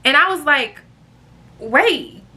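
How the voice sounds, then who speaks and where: A young woman telling a girls' trip story to her viewers in casual vlog style, animated and chatty. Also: moderate pace. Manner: chatty, animated, jumps high when quoting friends. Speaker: storytime vlogger.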